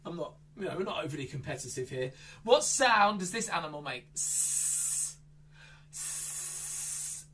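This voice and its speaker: Lively children's entertainer, a man. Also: on the high side, quick pace, distant mic, a little hiss or hum. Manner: playful, with exaggerated squeals and shouts. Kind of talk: interactive kids' magic show.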